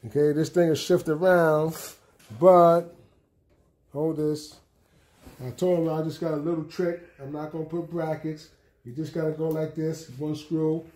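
A man's voice: a little high, a little slow. A middle-aged man giving a casual tour of his apartment, often checking in with "okay?". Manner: relaxed, repeats "okay?" often. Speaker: home tour vlogger. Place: apartment room indoors.

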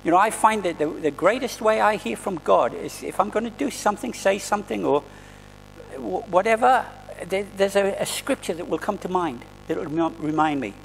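High, gravelly-voiced male preacher. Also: normal speed, in a large hall, a little hiss or hum, poor audio. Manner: earnest, conversational preaching with restarts. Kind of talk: sermon. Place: church hall.

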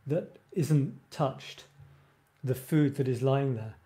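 A man with a dark-toned, mid-range voice hosts a live writing show, taking things slowly. His casual live-stream chat is rambling, and he frequently stops mid-sentence and laughs at himself.

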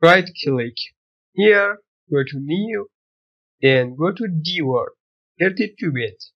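Tutorial host, male, high voice, slow, simple broken English, dull lo-fi recording. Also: expressive. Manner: non-native English with broken grammar, step-by-step instructions. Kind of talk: screen-recorded software tutorial.

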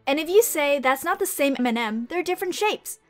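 Young woman, co-host, teasing dry humor, lively pitch, casual chat. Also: brisk, soft background music. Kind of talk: casual meme-reaction chat.

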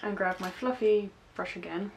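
A young West Country woman, a makeup vlogger with a light accent from the region, talks casually through a tutorial and narrates each step with self-deprecating asides. Her voice is mid-range and moves at normal speed, with slight background noise.

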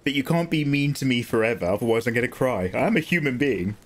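A man's voice: mid-range voice, expressive, fast, slight background noise. A man doing live gameplay commentary as a streamer, joking with and teasing back at his viewers.

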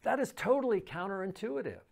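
This is a pastor giving a daily devotional teaching. The delivery is conversational and unhurried, with ums and restarts. Verses are read aloud and then explained to the listener. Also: medium pitch, sing-song, gravelly, darkish tone. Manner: conversational, with frequent fillers and restarts; reads scripture aloud and explains it.

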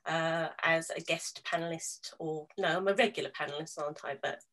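A British woman from the UK moderating a panel in a chatty, teasing way with quick asides. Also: deep voice, steady tone, a bit bright. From United Kingdom. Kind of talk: casual panel chat.

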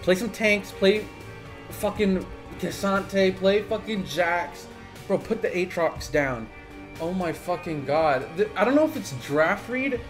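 A man's voice: high-pitched, lively intonation, slow, soft background music. Agitated young man ranting, profanity-laden. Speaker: gaming video creator. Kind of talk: profane live-reaction rant.

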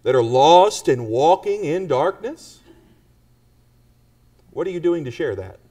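Animated preacher, distant church mic. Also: male voice, on the high side, takes it slowly. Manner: asks the congregation pointed rhetorical questions. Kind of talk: sermon.

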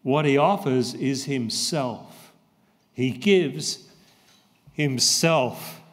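Male pastor, slow deliberate sermon, long church echo. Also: medium pitch. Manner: slow, emphatic, repeats key phrases.

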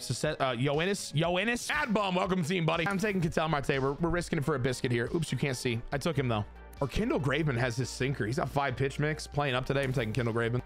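A young man casually commentating his baseball video game to chat, excitable and crude, swinging between joking rants and hype. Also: fairly high pitch. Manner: crude, self-mocking humor.

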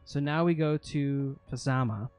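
A man's voice: medium pitch, unhurried, a little mellow, clean tone, soft background music. A man running a tabletop game as game master, narrating monster actions vividly and explaining rules, with frequent fillers.

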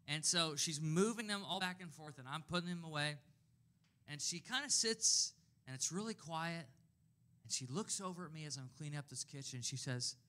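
A man in his thirties, a pastor giving a conversational sermon with animated personal stories. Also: fairly high pitch, fairly quick.

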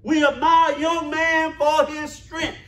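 A man's voice: very high voice, little pitch movement, unhurried, a bit bright, roomy sound. A man preaching a sermon to his church, emphatic and rhythmic, repeating his phrases for effect.

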